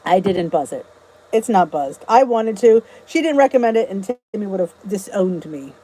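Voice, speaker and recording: A middle-aged woman with a US accent chats through a casual YouTube livestream from home, bubbly as she greets viewers and reads their comments. She speaks expressively in a dark, medium-pitched voice at a moderate pace. Her phone or camera on a stand gives poor audio.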